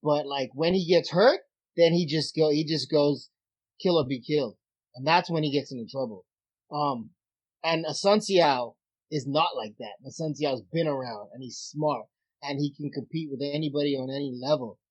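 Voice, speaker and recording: A man with a somewhat high voice tells stories with lots of swearing and then breaks down fighters' styles. The sound is dull and lo-fi, as if from a weak remote connection. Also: moderate pace. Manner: animated storyteller, profane, breaks down fighters. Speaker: fill-in co-host, former fighter. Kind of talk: casual chat.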